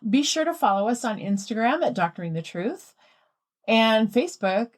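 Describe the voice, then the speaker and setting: A woman hosting a podcast in a casual, chatty way, animated and quick to laugh. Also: fairly high pitch. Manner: animated and giggly. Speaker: podcast host.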